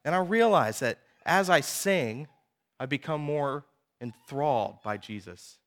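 Guy in his 30s preaching, bit higher voice, chatty storytelling with little asides. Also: measured pace. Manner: animated storytelling, conversational asides. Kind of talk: sermon.

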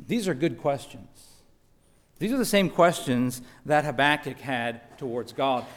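A man's voice: high voice, roomy sound. A man preaching a sermon, earnest and building to impassioned questions. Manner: earnest, rising to impassioned outbursts. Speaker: pastor. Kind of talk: sermon with opening prayer.

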